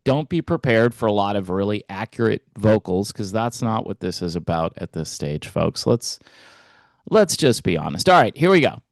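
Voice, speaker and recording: A man hosting a music commentary channel, talking in a relaxed, hesitant way with wry asides. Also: lowish voice, normal speed, gravelly, dry recording. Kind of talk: casual reaction commentary.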